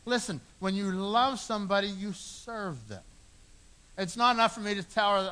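A man's voice: high voice, lively intonation, normal speed, pushed and bright. A middle-aged man preaching a sermon, earnest, repeating phrases for emphasis. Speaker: pastor.

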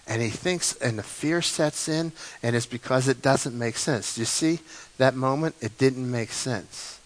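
A male pastor preaching a sermon, telling the story dramatically and swinging between loud and quiet passages. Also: mid-range voice, unhurried, low-quality recording. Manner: animated, dramatic storytelling with big swings in loudness.

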